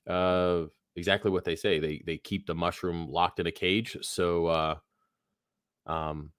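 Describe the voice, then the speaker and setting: This is a man with a low voice, heard in clean studio sound without echo, hosting an aquarium livestream Q&A. He's worn out, yawning, and phlegmy, going through chat questions in a relaxed, meandering way full of fillers and swearing.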